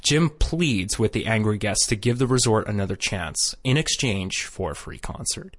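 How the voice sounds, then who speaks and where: A man's voice: fairly low pitch, animated, moderate pace. Man recapping a cartoon with wry asides. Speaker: podcast co-host reading episode recaps. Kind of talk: casual chat and recap narration.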